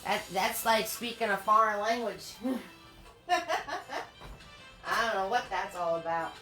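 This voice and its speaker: A woman's voice: mid-range voice, slow pace, bright, forceful tone, soft background music. A woman hosting a live painting lesson from her home. She chats with viewers, greets them by name and laughs often. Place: home studio.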